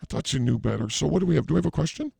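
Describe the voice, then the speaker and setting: A man's voice: fairly high pitch, animated, rapid-fire, vocal fry, a little mellow, slightly rough, no room sound, full character voice. A man playing a brash, flirty fake psychic healer in a comedy sketch, rambling through crude banter. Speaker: comedy show host.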